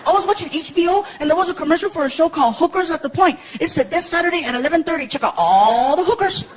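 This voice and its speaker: A man's voice: very high voice, expressive, quick pace, pitched above the performer's own voice. A man voicing a young boy who keeps pushing with nagging questions, on a live comedy stage. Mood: pestering. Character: whiny, persistent young boy, the comic's son. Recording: roomy live hall with crowd noise.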